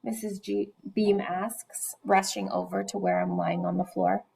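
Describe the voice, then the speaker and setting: A woman's voice: medium pitch, measured pace, creaky, breathy edge, low-quality recording. A woman reading a children's novel aloud, telling it expressively and sometimes dropping to a whisper. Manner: expressive storytelling, drops to a whisper at times. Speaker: reader.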